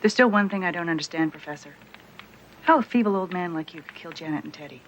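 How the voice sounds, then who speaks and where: An actress playing a sharp, level-headed female police detective who talks in a reasoned, insistent way. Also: on the low side, fast, a little hiss or hum, close to an everyday voice, poor audio.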